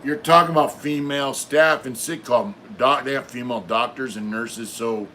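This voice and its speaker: A middle-aged man rambles through a crude story on his live stream, swearing freely and padding his sentences with "you know" and "uh". His pitch sits in the ordinary middle for a man. A faint hiss runs under the voice. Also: normal speed, pushed and bright. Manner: rambling, profane, many fillers. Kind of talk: casual storytelling.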